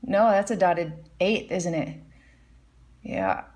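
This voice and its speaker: Explaining musical notation at the piano, a woman hums and scats, singing the melody lines on "da." Her lowish, darkish voice has a sing-song quality and a slow pace in this casual lesson.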